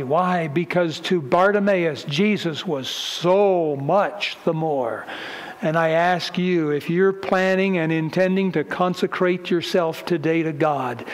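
High-voiced fervent preacher man. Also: a little slow, poor audio. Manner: fervent preaching, rising and falling in volume. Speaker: pastor. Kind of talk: sermon.

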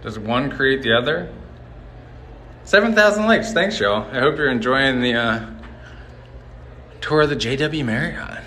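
A man livestreams as he wanders through the inside of a large hotel, talking to viewers in a loose, rambling, jokey way. His voice is bright and forward, picked up by a handheld phone as he walks, with a faint hum of background noise. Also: mid-range voice, animated, a little slow, pauses often. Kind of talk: live-stream walking commentary.

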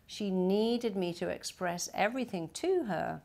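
A woman's voice: medium pitch, expressive, measured pace, creaky, few pauses, darkish tone. An older woman giving a direct-to-camera self-help talk, acting out quoted voices in short bursts. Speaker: therapist and self-help speaker.

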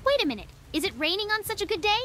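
A woman's voice: very high-pitched, big pitch swings, very fast, sharp tone, full character voice. A woman voicing a frightened young cartoon boy who pleads and cries for help. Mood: uneasy. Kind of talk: cartoon voice acting.

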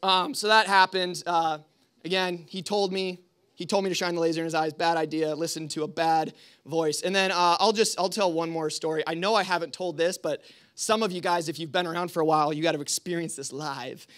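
Young male youth leader, rambling storyteller, high bright voice. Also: fairly even intonation, brisk, clear, resonant tone. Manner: casual, rambling, full of fillers. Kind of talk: storytelling talk to a youth group.

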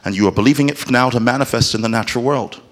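A man preaching a sermon in church. His delivery is emphatic and often swells into shouted exclamations, and he acts out the voices of the people in his stories. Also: medium pitch, racing. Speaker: pastor.

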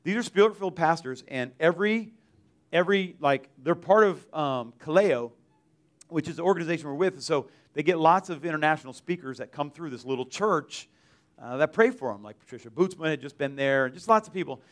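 A man tells a church testimony in a loose, conversational way. He restarts sentences and leans on filler words as he talks. His voice sits somewhat high for a man. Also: animated, a little fast. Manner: rambling, filler-heavy, many "like"s and restarts. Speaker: mission trip team member giving testimony. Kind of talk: church testimony, casual storytelling. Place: church service.

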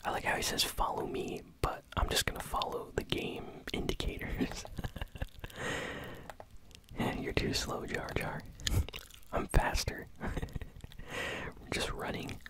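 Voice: slow pace, pauses often. A whispering ASMR gamer chewing gum. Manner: chewing bubblegum while whispering; casual, easily amused, chatty asides. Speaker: ASMR gaming host. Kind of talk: whispered ASMR gameplay commentary.

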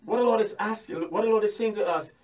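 A man preaching a sermon in an animated way, firing rhetorical questions and repeating phrases for emphasis. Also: high-pitched, fast, recorded from a distance, low-quality recording.

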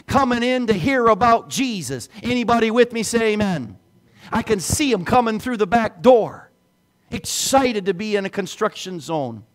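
A middle-aged man preaching a sermon as pastor, swinging between soft, low passages and loud, raised emphasis.

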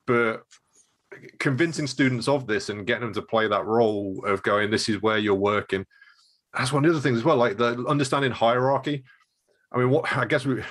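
A man's voice: lowish voice, a bit bright. A man who runs a martial arts gym, talking casually and thinking aloud, with lots of "like" and "you know.". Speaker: martial arts coach and show co-host. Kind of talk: casual podcast chat.

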